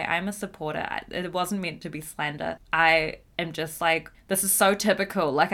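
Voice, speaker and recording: Chatty woman podcast host, lowish voice. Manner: chatty, giggly, expressive asides. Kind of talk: casual chat.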